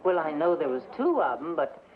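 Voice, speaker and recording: Low, folksy frontier mom; shrewd, homespun drawl; tinny TV audio. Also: female voice, very animated, a little fast, a little hiss or hum. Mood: wry. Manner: folksy drawl with rural grammar. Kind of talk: 1960s TV western comedy acting. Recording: tinny old TV soundtrack with crowd.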